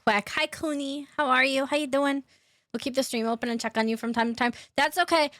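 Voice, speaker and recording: Chatty, laugh-prone woman streamer, a bit high. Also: steady tone, fairly quick, a bit bright, dry recording, clean studio sound. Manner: laughs often, swears casually, greets chat by name. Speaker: game streamer. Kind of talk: casual live-stream chat while gaming. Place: her own room at home.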